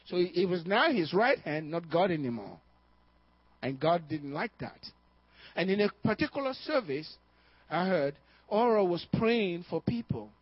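A man preaching a sermon as a pastor, telling a story with frequent "uh" and calls of "Amen?", swinging between hushed and loud. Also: sits high, sing-song, unhurried, slightly rough, no echo. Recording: dull, muffled sermon recording.

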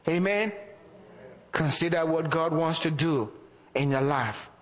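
A man's voice: a little high, unhurried, big-room sound, poor audio. A man preaching a sermon as pastor, asking the congregation rhetorical questions and chuckling between points.

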